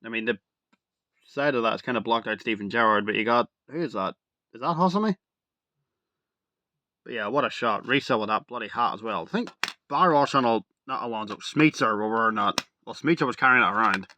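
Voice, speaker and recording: A young man talking casually to camera as a video reviewer, rambling and excitable, full of "like" and "literally". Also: medium pitch, fairly quick, a little hiss or hum.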